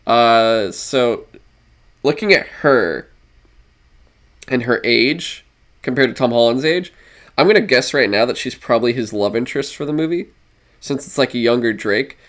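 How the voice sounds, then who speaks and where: A man's voice: medium pitch, animated, normal speed, pauses often, a bit bright. A young man co-hosting a casual podcast, rambling, swearing and laughing as he goes. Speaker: podcast co-host. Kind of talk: casual chat.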